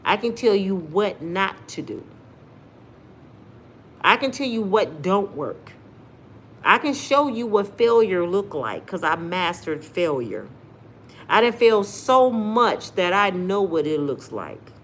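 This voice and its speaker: A woman's voice: medium pitch, slow, a little hiss or hum. A middle-aged woman with an African American accent, giving sassy live-stream commentary and talking straight to her viewers. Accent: African American English. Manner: animated and sassy, addresses viewers directly. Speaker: commentary vlogger reading live chat.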